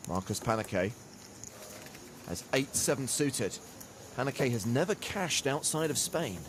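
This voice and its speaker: Brisk male play-by-play commentator. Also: mid-range voice, animated, slight background noise. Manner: brisk, lightly witty. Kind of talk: sports commentary.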